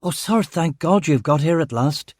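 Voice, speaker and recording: A man's voice: a little high, expressive, moderate pace, darkish tone, no echo, clean studio sound, pitched above the performer's own voice. A man doing a flustered young detective constable. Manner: apologetic, flustered, near tears.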